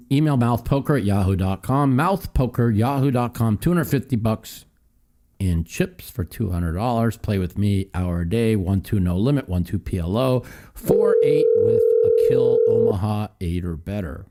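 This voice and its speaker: A man's voice: medium pitch, lively intonation, moderate pace, dark tone. A man hosting a call-in talk show, ranting heatedly with profanity and mocking quotes.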